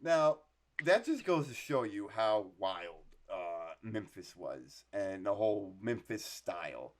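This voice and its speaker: A man co-hosting a podcast, telling stories in an animated way, swearing freely and laughing often. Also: fairly low pitch, slow pace, slight background noise. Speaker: podcast co-host. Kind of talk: casual podcast chat.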